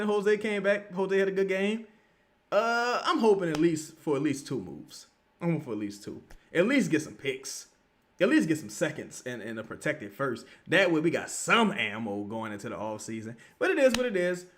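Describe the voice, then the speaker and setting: A New man chatting casually on a livestream, his pitch swinging widely from low mutters up to loud, high outbursts. His voice sits a little high for a man, and his talk is loose and profane as he reacts to viewer comments. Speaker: livestream host.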